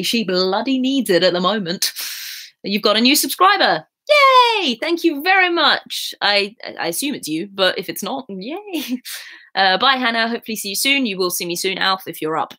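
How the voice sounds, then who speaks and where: A woman's voice: on the low side, sharp tone. A young woman chatting casually on a live stream, reading out viewer comments with a giggly, sing-song manner. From England. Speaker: YouTuber reading live chat.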